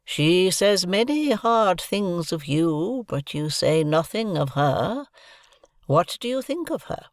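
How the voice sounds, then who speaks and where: Guy doing a brooding old lady, higher voice, real slow and bossy, dry close sound. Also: very animated, no room sound, full character voice. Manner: slow, drawn-out, commanding speech. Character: brooding, imperious old woman recluse.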